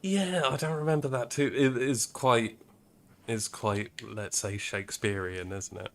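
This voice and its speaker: A man's voice: mid-range voice, a little slow. A British man co-hosting a game stream, chatting in an easygoing, agreeable way. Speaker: streamer co-host. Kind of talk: casual chat.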